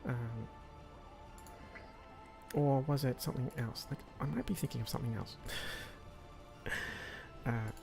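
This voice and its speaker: A man's voice: medium pitch, unhurried, gravelly, pauses often, soft background music. A man streaming a video game, rambling with lots of hesitations and fillers. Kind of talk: casual gameplay livestream commentary.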